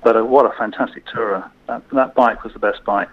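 A man's voice: mid-range voice, steady tone, fairly quick, a little hiss or hum. A middle-aged British man chatting as a podcast guest, hesitant, with many restarts. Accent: British English. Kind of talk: casual interview chat. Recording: tinny phone-like line.

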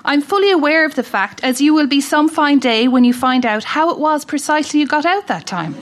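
Irish woman, slightly high voice, wry dry humour, reading a funny letter aloud on stage. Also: expressive, brisk. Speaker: festival reader. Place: live event stage.

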